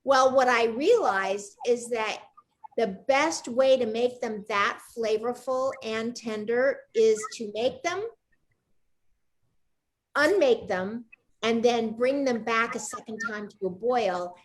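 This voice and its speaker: Woman host, slightly high voice, chatty storyteller on a video call. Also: slow pace. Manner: chatty storyteller, asks eager follow-up questions. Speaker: cooking show host. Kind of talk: casual video-call chat.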